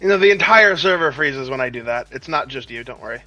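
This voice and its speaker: A man's voice: mid-range voice, animated, quick pace, pushed and bright, highs cut off, soft background music. A man chatting casually with a friend while they play a game together, making playful, teasing remarks. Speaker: co-player friend. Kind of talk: casual gaming chat.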